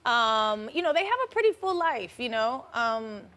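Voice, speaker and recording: A woman talking as a guest on a daytime talk show, chatty and animated, laughing often. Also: a little high, moderate pace. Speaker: celebrity guest.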